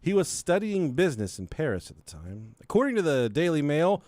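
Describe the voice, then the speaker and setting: A young man hosting a podcast, talking in a lively voice that jumps up and down as he acts out everyone in his story. He sits a bit high for a man, laughs a lot and swears freely. The sound is close and dry. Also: a little fast, no room sound. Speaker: podcast co-host. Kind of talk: casual chat.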